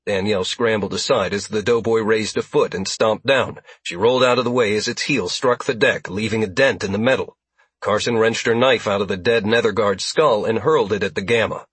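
A man narrating an action story as an audiobook reader, in steady, even storytelling. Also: lowish voice, a little fast, slightly rough, dry recording. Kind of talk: scripted narration.

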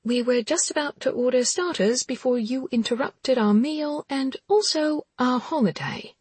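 Narrator voicing an annoyed young woman, husky, clipped, dry close read. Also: high-pitched, moderate pace, a little mellow, no room sound, distant mic, pitched above the performer's own voice. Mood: irritated. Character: irritated young woman scolding a friend.

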